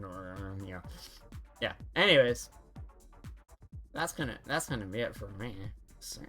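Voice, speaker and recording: A young adult woman streamer chatting casually, rambling and halting with many restarts and the odd swear. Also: a bass voice, bright, forceful tone.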